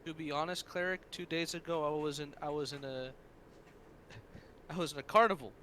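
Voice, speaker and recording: A man's voice: fairly high pitch, normal speed, slight background noise, poor audio. A man playing a tabletop game, joking and speaking in character. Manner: joking, animated. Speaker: player.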